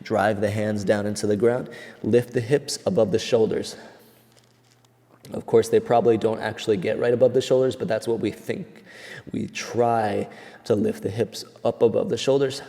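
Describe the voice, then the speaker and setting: A man's voice: lowish voice, normal speed, creaky. A man guiding a yoga class as he does the poses himself, counting holds and out of breath as he moves. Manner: calm counting cues, moving along with the class. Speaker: yoga teacher. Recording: long hall reverb.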